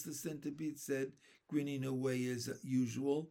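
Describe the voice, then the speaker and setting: A man reading a children's storybook aloud, expressive and unhurried. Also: mid-range voice, creaky. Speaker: narrator.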